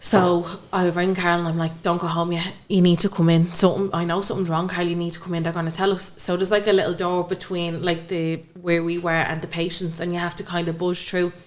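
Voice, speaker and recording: In conversation on a podcast, a young Irish woman recounts an emotional personal experience, voicing the people she quotes. Her voice sits on the low side, flat in delivery, and she talks fairly quickly without many pauses.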